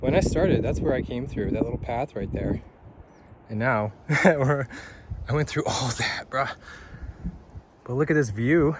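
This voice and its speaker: A young man hiking and talking to his camera outdoors, excited and slangy, laughing often and out of breath. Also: mid-range voice, a little slow, pauses often. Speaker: hiking vlogger. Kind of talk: outdoor vlog commentary. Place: outdoors on a hiking trail by a waterfall. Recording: noisy outdoor recording.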